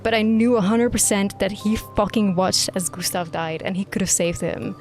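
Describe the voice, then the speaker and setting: A woman's voice: medium pitch, moderate pace. Woman streamer going off, swearing a lot, emphatic rant, faint game music in the back. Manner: profane, emphatic ranting. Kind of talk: live gameplay reaction stream. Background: quiet game music.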